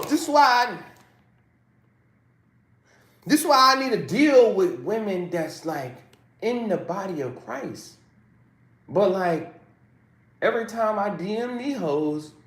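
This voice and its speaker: A man's voice: high voice, lively intonation, measured pace, pauses often, a bit bright. A man ranting casually to his livestream chat in a rambling, profane, preachy way. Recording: roomy echo.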